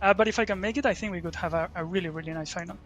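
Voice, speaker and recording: A man's voice: sits high, very fast, fairly bright tone, faint music behind. A young man, a pro player chatting playfully in a post-match interview, laughing and trash-talking. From Spain. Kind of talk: relaxed post-match chat.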